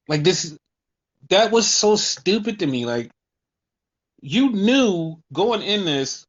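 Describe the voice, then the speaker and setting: A man chats casually as a podcast host, breaking down wrestling shows with animated, profane energy. He slips into quoted voices as he tells the story, and the audio sounds dull and lo-fi. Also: sits high, slow, pauses often. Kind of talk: casual chat.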